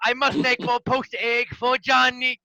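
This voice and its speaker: A man voicing a male cook who puts on a hammy Italian accent, loud and stumbling. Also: extremely high pitch, completely flat delivery, unhurried, gravelly, pitched above the performer's own voice, full character voice. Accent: put-on Italian.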